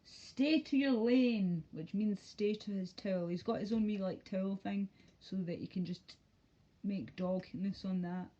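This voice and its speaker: A woman's voice: mid-range voice, measured pace, warm tone, a little hiss or hum. Woman livestreamer, rambling profane rant, mocking tone, lo-fi webcam audio.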